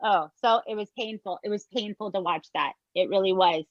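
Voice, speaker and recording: A woman's voice: mid-range voice, fairly quick, no echo. A woman co-hosting a podcast in casual chat, emphatic and reactive. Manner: emphatic, reacts with sighs and exclamations. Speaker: podcast co-host. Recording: dull lo-fi dry sound.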